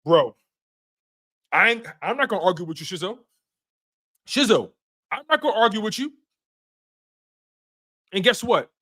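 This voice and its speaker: A man hosting a sports show on a livestream, worked up and emotional, repeating himself and swinging into shouts while he reacts to viewer chats. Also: high-pitched, lively intonation, normal speed, long pauses. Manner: heated, repetitive, swings to shouting.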